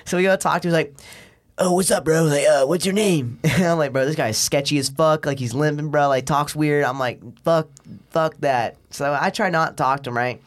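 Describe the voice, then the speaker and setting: A man's voice: fairly high pitch, fairly quick. A young man as a podcast guest, telling a long story in a rambling, profane way and acting out the people in it. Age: young adult. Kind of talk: casual storytelling.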